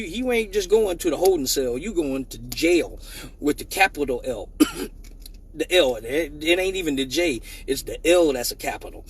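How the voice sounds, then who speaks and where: A man hosting a live stream, telling a profane story in a lively way and acting out the voices of the people in it, with many restarts. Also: a little high, breathy edge, recorded from a distance. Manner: animated, acts out quoted voices with many restarts.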